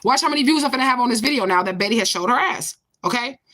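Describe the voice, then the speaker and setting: A woman's voice: fairly high pitch, animated, very fast, pushed and bright. A woman in her forties in a confrontational, profane vlog rant, answering a commenter with repeated questions. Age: 40s. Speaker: vlogger. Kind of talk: ranting to camera.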